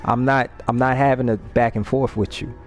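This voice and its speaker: A man hosting a live stream, telling a story in a casual, animated way, swearing freely and often repeating words as he restarts. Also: medium pitch, moderate pace, soft background music. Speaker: livestream host.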